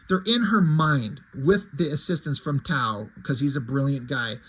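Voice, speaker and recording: A man's voice: mid-range voice, poor audio. A man casually reviewing a comic book, chatty and rambling with plenty of fillers.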